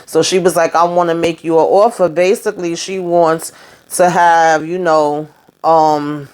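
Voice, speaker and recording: A woman's voice: fairly low pitch, fairly even intonation, a little slow, a little mellow, clean tone. A woman casually recapping a TV episode, chatty and sassy, with lots of fillers. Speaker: show recapper.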